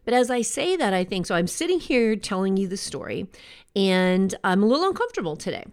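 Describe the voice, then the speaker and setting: A woman's voice: medium pitch, big pitch swings. Woman host talking earnestly to listeners, chatty and reflective, drags out the big words. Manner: earnest, conversational, draws out key words slowly. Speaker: podcast host. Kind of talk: reflective motivational talk.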